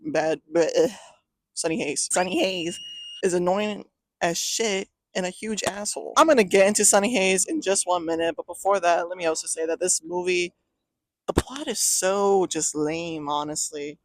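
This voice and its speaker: A woman's voice: on the low side, normal speed, no echo. A young woman reviewing a movie in a casual rant, sarcastic and profane, often breaking into laughter. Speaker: film reviewer.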